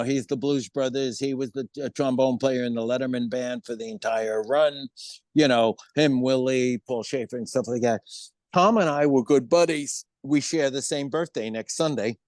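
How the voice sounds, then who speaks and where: A man in his seventies, a musician guest in an interview, telling stories in an animated way. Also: medium pitch, no room sound, studio quality. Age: 70s. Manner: animated storyteller, acts out quoted voices. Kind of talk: storytelling interview.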